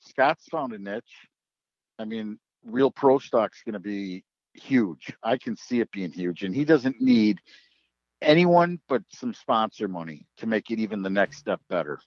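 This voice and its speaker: A man's voice: on the low side, big pitch swings, measured pace, no echo, lo-fi sound. A man who works as a drag racing track announcer, telling stories in a casual podcast chat and acting out the voices of the people he quotes.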